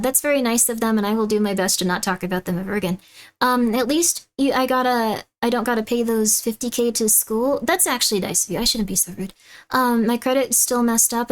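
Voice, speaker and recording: Chatty streamer woman with a higher voice. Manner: chatty and animated, laughs often, loud shrill bits when mocking someone. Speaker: streamer reacting to videos and chat. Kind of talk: casual live-stream chat.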